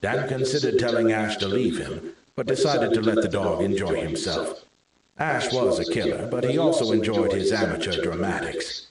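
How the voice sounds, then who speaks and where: A man's voice: fairly low pitch, lively intonation, normal speed, distant mic. Male narrator in a very echoey room. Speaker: audiobook narrator. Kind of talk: scripted narration.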